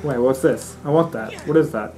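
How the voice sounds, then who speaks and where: A young man giving animated, swear-filled let's-play commentary, often squealing and shouting at the game. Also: mid-range voice, brisk, soft background music. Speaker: gaming let's-play host.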